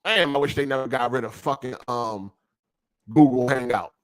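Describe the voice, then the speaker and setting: A man's voice: mid-range voice, normal speed. Profane, ranting male streamer. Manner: frustrated, swearing, slangy. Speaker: podcast host and streamer. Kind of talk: casual profane rant. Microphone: streaming setup over a weak connection.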